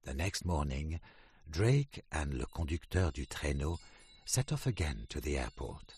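A man reading a children's picture book aloud in a slow, expressive way, then going through a glossary word by word. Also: rumbling low, breathy edge, dry recording. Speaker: storybook narrator.

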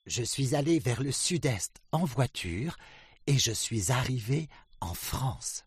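A man voicing Drake, an excited male duck explorer, in a storybook reading, telling his friends eagerly about his travels. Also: medium pitch, measured pace, husky, no room sound, studio quality, pitched above the performer's own voice, exaggerated voice.

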